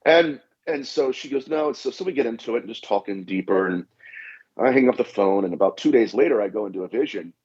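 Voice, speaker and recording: A man's voice: mid-range voice, lively intonation, quick pace, darkish tone, slightly rough. A man, a guest demonologist, telling anecdotes in a podcast interview and acting out the dialogue with repeated "I said". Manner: anecdotal, acts out dialogue, frequent "I said". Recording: dull lo-fi audio.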